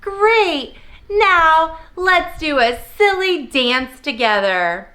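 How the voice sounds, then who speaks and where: A woman's voice: very high-pitched, expressive, drawn-out words, bright, forceful tone. A young woman teaching preschoolers, prompting little kids in a cheerful sing-song way. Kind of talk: children's lesson video.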